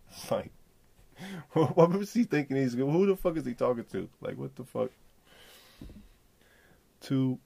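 Male solo podcast host, casual and profane, gravelly, loose slangy delivery. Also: mid-range voice, lively intonation, slow pace, pauses often, dark tone.

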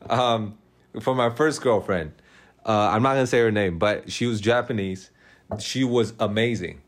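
This podcast host has a lowish voice and talks at an ordinary speed. He's a young guy swapping dating tales in loose conversation, cursing, wandering off track, and cracking up frequently.

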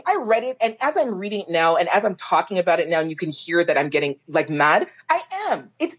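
A woman's voice: a little high, husky. A woman co-hosting a podcast, talking in a blunt, profane and indignant way about a listener's letter. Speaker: podcast co-host. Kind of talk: heated casual podcast talk. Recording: slightly dull lo-fi audio.

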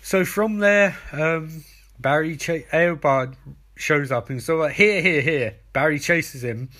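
A man's voice: fairly high pitch, takes it slowly, fairly bright tone. A man giving a rambling, jokey recap of a TV episode, correcting himself as he goes. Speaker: show recapper. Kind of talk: casual comic recap.

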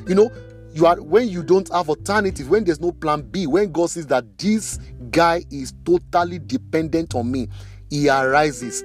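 Emphatic male preacher over soft guitar. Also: on the high side. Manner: emphatic, slows down to stress key phrases. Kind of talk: sermon.

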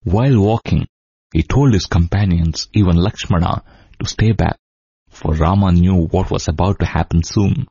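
A man narrating an epic tale in a measured, solemn, steady manner. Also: sits low, gravelly, husky, no echo. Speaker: storyteller. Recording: dull lo-fi audio. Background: faint sitar music.

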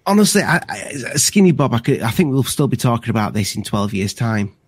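A man's voice: mid-range voice, very animated, a little fast, breathy edge, no room sound. A man co-hosting a casual livestream chat, rambling and restarting his sentences often. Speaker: livestream co-host.

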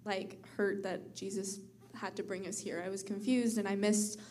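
A teenage girl telling a personal story on stage, bubbly, full of "like" and quick laughs. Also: mid-range voice, flat delivery, warm tone. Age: teens. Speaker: pastor's daughter.

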